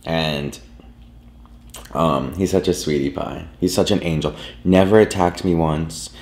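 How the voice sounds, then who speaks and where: A male vlogger at home rambles through a casual story, filling it with "like" and other fillers. His voice rumbles low with fairly even intonation, a measured pace and a darkish tone, and the room sounds echoey.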